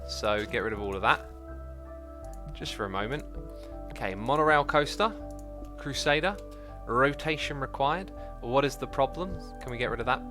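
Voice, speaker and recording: A man hosting a live gameplay stream, chatty and excitable, thinking aloud and reading out chat messages. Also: medium pitch. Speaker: livestream host.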